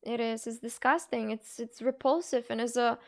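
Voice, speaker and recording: A young woman from Bulgaria, a live streamer, talking to her chat in a halting, earnest and emotional way. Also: fairly high pitch, fairly even intonation, gravelly.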